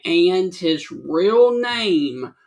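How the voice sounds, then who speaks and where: A man co-hosting a sports talk show, reading notes aloud in a measured way. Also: sits high, sing-song, darkish tone.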